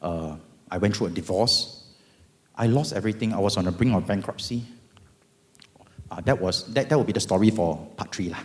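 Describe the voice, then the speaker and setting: A middle-aged man with a Singaporean accent giving a dramatic, animated testimony at an event. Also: lowish voice, a little fast, pauses often. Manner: animated, dramatic, bursts of loud emphasis. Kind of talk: storytelling testimony talk. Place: event hall. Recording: long hall reverb.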